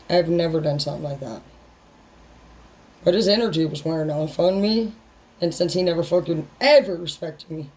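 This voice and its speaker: A woman's voice: low-pitched, dark tone, poor audio. Female vlogger, unfiltered and profane, loose rambling delivery. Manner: blunt, heavy swearing, rambling; brash and unfiltered. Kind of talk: casual monologue to camera.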